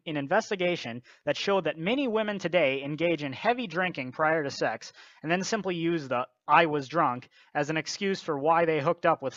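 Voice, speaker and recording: A man's voice: a little high, a bit bright, no echo. A man with a slightly raised voice lectures bluntly through scripted commentary. The sound is dull and dry, with no room around it. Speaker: video commentator.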